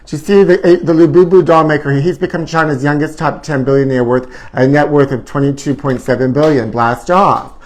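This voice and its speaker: A man's voice: fairly high pitch, normal speed. A man hosting a live comedy show in a campy, flamboyant way, drawing out words and breaking into sudden squeals.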